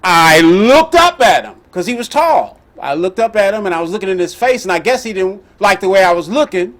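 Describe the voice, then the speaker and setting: A middle-aged man telling a personal story as the host, animated and emphatic. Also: high voice, fairly quick. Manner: animated, emphatic, with laughs and outbursts.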